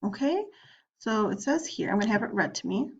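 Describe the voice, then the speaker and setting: A woman's voice: mid-range voice, lively intonation, a little fast, husky, lo-fi sound. A woman teacher walking students through an online lesson, talking casually as she clicks through it and voicing their questions. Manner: chatty, plays both student and teacher. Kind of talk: screen-recorded lesson walkthrough.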